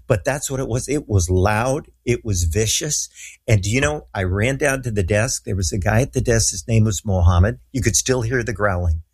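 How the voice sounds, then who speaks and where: A man's voice: lowish voice, normal speed, slightly rough. A middle-aged man, a guest minister, telling a story earnestly and with animation in a talk show interview.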